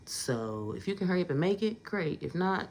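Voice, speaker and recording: A woman's voice: on the low side, very animated, moderate pace, darkish tone. A woman telling a casual storytime vlog in a conversational way, getting emphatic in her asides.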